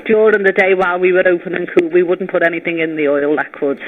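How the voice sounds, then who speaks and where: A woman's voice: lowish voice, steady tone, fast talker. A woman with a Liverpool accent who works at a chip shop, chatting politely on a phone call and explaining things at length. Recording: tinny phone line.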